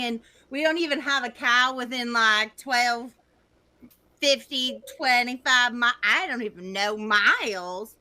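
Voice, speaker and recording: A high, bright voice plays a ditzy suburban would-be cowgirl , as a woman acts her out. She rambles, stuffing her talk with "like," over a video call mic. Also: exaggerated voice. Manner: rambling, valley-girl "like" talk. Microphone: computer mic on a video call.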